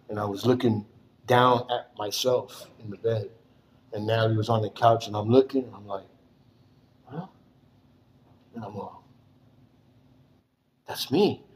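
A man's voice: lowish voice, slight background noise, rough recording. A middle-aged man telling a personal story in casual, rambling speech, full of fillers and repeated phrases.

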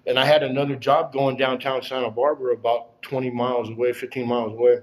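A man's voice: medium pitch, level tone, fast talker, poor audio. A man in his fifties giving an earnest personal testimony at a recovery gathering, rambling through his story and checking in with "you know?" again and again.

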